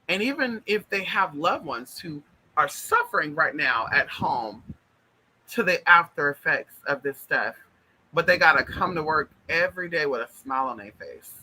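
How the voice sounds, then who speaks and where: A man with a very bright, sharp voice pitched a little high speaks straight to his viewers in a casual monologue. He is emphatic and repeats himself. He often calls his listeners honey and y'all. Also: breathy edge, rough recording. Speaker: spiritual vlogger. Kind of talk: casual direct-to-camera monologue.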